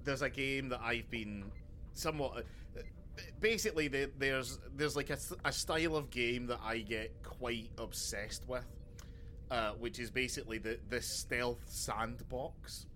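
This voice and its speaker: A man chats on a podcast, restarting sentences and drifting into tangents. His voice is bright and forward. He swears casually as he talks. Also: medium pitch, measured pace, a little hiss or hum. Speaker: podcast co-host. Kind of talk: casual chat.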